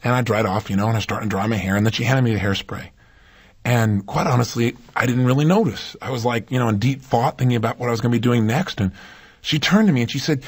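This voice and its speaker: A man's voice: medium pitch, fast talker, husky. A man giving a motivational talk, speaking emphatically and putting rhetorical questions to his listeners.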